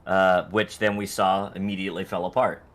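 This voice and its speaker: A man's voice: low voice, flat delivery, brisk, a bit bright. A man doing casual color commentary on an esports match, chatty, full of uh fillers, acting out what players might say. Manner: chatty, many uh fillers, acts out players' lines. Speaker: esports co-caster.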